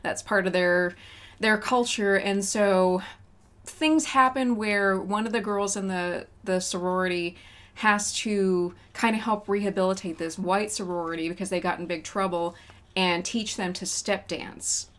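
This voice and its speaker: A woman co-hosting a casual chat about movies, chatty and quick to laugh. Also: mid-range voice, steady tone, fairly bright tone. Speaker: podcast co-host.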